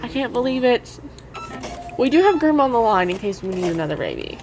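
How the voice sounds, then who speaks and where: A young woman chats over her gameplay with gushing, nervous excitement, talking directly to her audience. Her voice sits slightly high. Faint background noise runs under the recording. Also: a little fast. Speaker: gaming YouTuber. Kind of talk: casual gameplay commentary.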